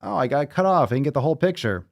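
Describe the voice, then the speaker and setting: A man's voice: on the high side, animated, racing, gravelly. A man hosting a fitness podcast, reading listener messages aloud and breaking in with profane, joking asides. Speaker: podcast host.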